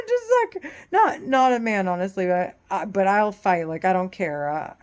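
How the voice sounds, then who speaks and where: Rambling, swearing woman, lowish voice. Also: sing-song, normal speed, a little mellow. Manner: rambling, profane, restarts often. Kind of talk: casual rambling monologue.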